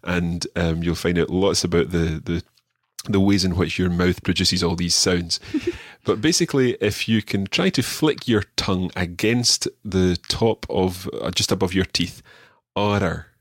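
A Scottish man with a low, somewhat husky voice, recorded close and dry. He hosts a language-learning podcast and walks listeners through pronunciation patiently, poking a little fun at himself along the way. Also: a little slow, no room sound. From Scotland. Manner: patient, explanatory, slightly self-deprecating.

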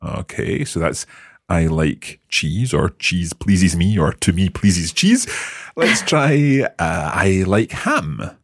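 Deep, husky male language teacher. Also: big pitch swings, slow, no echo, clean studio sound. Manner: encouraging, patient questioning. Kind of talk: guiding a language lesson.

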